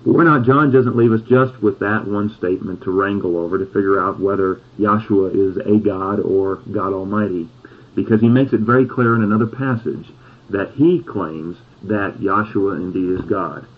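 A man preaching a sermon, reading scripture slowly and pausing on key words for emphasis. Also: on the low side. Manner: slow, deliberate scripture reading with emphatic pauses. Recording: tinny phone-like sound.

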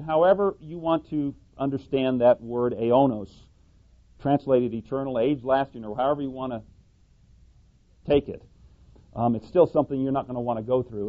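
A man's voice: medium pitch, moderate pace. A man preaching a sermon, emphatic and building his points to stressed pleas, with scripture references. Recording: tinny phone-like tape recording.

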